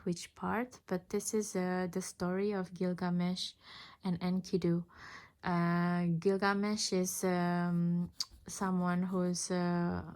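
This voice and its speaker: A woman's voice: fairly low pitch, a little mellow. A woman tarot reader explaining cards in a casual flip-through, talking in an earnest, reflective way.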